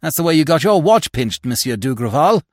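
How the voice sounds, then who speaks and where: A man's voice: fairly high pitch, very animated, fairly quick, no room sound, studio quality, pitched above the performer's own voice. A man voicing a brusque police inspector who grumbles and complains irritably. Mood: grumbling.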